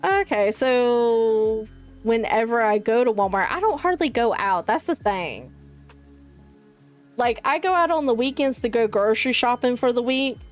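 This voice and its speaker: A young Southern-accented woman from South Carolina rambles chattily to her stream chat, dropping lots of "likes." Her voice is fairly high and expressive, her pace a little slow, with soft music playing behind her.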